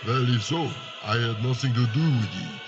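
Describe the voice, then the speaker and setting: An actor playing a smug, mocking mob boss with a put-on Eastern European accent, in a radio comedy. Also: male voice, mid-range voice, expressive, moderate pace, lo-fi sound, music in the background, natural voice. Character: oily mob boss with a mock Dracula accent. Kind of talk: 1940s radio acting.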